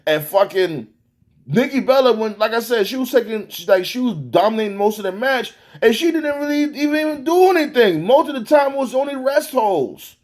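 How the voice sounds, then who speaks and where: A man with a high, light voice rants about a wrestling match, swearing freely and sounding exasperated. He talks in a loose, animated way and often stops to restart his sentences. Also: a little fast. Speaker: wrestling reviewer. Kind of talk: profane ranting review.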